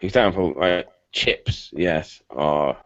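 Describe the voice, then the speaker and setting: Speaking slowly in a low, fairly bright voice with no echo, a British man hosts a casual online hangout. His talk is rambling and stop-start, full of restarts, captured as muffled lo-fi call audio through a computer mic.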